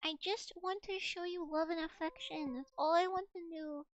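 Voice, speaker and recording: A woman's voice: very high voice, normal speed, muffled recording. A young adult woman streaming from home as a VTuber, chatting casually and cooing affectionately at her cat, rambling with restarts. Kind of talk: casual live-stream chat.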